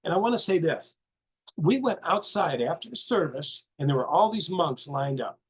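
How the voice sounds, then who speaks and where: A man's voice: on the high side, animated, moderate pace, husky. A man co-hosting a casual chat, telling stories animatedly, repeating words and acting out what people said. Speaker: co-host.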